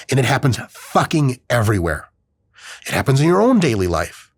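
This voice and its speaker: Man, podcast host, casual talk, lively swooping pitch, husky voice, dry close sound, swears a lot. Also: normal speed, pauses often, no room sound. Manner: profane, animated, acts out quoted voices. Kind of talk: casual chat.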